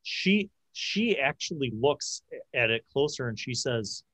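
A man's voice: medium pitch, expressive, fairly bright tone, dry recording. A man narrating a tabletop game as game master, often restarting his sentences. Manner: halting, frequent restarts.

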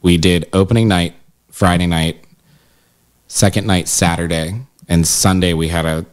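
A man with a very low voice talks casually about running a haunted house. He tells his stories with energy and slips into quoted voices along the way. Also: measured pace. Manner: animated storyteller, acts out quotes with jumps in pitch. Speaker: haunted house manager and scare actor. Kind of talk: casual interview chat.

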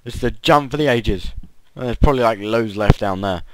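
Speaking briskly in a fairly low voice with no echo, this gaming host provides laid-back commentary on his play. Failed jumps keep setting him off into frustrated yelps and groans.

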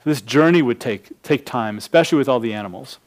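A man's voice: medium pitch, quick pace. A man, a pastor, teaching a verse-by-verse sermon, laying out numbered points with frequent restarts.

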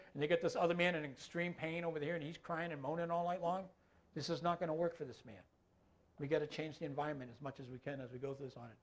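A middle-aged man training an audience on dementia care, talking in a loose conversational way and often checking in with the listeners. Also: on the high side. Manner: conversational, keeps checking in with the audience, tacks on filler phrases. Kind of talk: talk to an audience.

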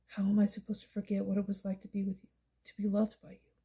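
A woman reading the part of a heartbroken young man who talks in a strained, hushed voice, in an audiobook. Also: medium pitch, monotone, fast, husky.

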